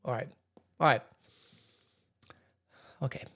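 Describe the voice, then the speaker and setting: A man who is a pastor, giving a relaxed, conversational Bible teaching in church, reading scripture aloud and retelling it in everyday words. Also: slow.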